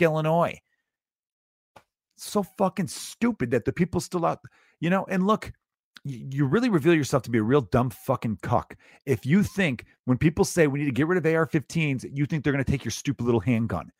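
A man's voice: on the high side, no echo, clean studio sound. A male comedian hosting a podcast, ranting in a profane, sarcastic, exasperated monologue.

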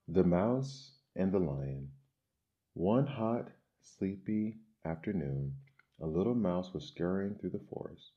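Deep, slow male storyteller. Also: slightly rough, dull audio. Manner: measured, expressive. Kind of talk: storybook reading.

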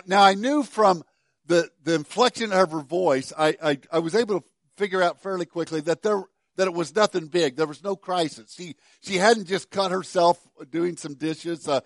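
A middle-aged pastor preaching a sermon, telling a story with many stammered restarts and dropping to soft, quiet passages. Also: male voice, a little high, no room sound, studio quality.

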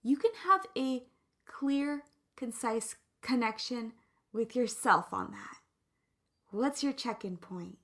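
A woman's voice: on the high side, lively intonation, slow, a bit bright. A woman giving casual motivational advice in a playful, emphatic way with jokey asides.

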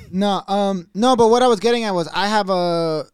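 Brief: male podcast co-host, high smooth voice, lively storyteller, dry close mic. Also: moderate pace, dry recording. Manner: animated storyteller, swears freely. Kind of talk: casual chat.

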